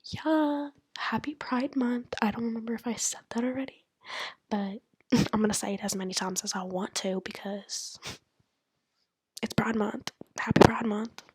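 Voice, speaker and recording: Young woman, 19, casual late-night laptop monologue; hushed, breathy whisper, dry close sound, rambling and self-mocking. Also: a little high, steady tone, moderate pace, no room sound. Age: 19, turning 20. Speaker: college student podcaster. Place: at home at night. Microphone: laptop mic.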